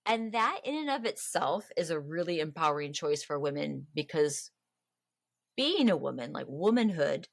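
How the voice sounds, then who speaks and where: Podcast host, woman, low register, chatty and animated storyteller, dry close mic. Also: normal speed, creaky, no echo. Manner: chatty, animated storytelling with playful voiced quotes. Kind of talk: casual history podcast chat.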